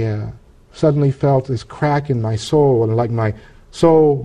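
A man's voice: medium pitch, warm tone. Earnest man telling a personal story. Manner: earnest, halting, with frequent restarts. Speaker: interview guest.

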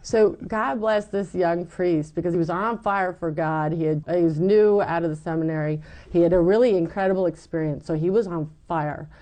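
A middle-aged woman giving her personal testimony in an interview, animated and acting out what people said. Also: lowish voice, moderate pace. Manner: animated storytelling, acts out quoted lines. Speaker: guest telling her faith story.

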